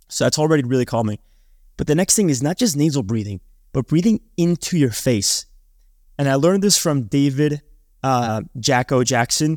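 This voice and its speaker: A man's voice: medium pitch, darkish tone, dry recording. Man, podcast host, conversational advice, frequent restarts and fillers, dry close recording. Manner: chatty, restarts often, lots of likes and ums.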